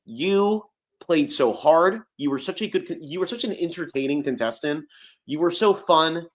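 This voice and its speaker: A man's voice: on the high side, moderate pace. Man chatting on a podcast. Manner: animated, repeats words and restarts often. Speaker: podcast co-host. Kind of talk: casual chat.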